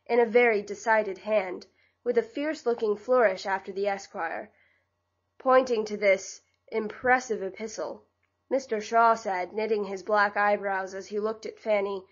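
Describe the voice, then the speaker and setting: A woman narrating a classic novel as an audiobook in a measured, even reading style. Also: medium pitch. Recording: slightly dull lo-fi audio.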